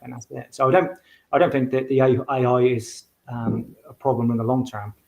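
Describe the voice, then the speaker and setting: A man's voice: mid-range voice, little pitch movement, moderate pace, vocal fry. A man talking as a guest in a casual interview, rambling with frequent restarts and fillers. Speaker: guest, medium and author. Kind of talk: casual conversation.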